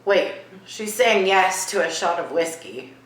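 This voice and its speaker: A woman vlogging in her home kitchen. She asks a spirit hushed questions and turns to viewers with excited asides. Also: on the low side, unhurried, echoey room, low-quality recording. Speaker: vlogger host. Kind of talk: casual paranormal vlog.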